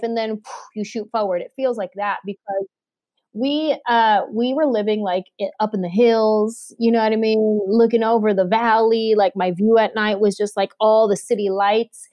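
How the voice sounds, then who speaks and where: A woman in casual conversation about faith, telling stories with lively acted-out quotes. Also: a little high, no room sound. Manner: animated storyteller, acts out quotes. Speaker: podcast guest.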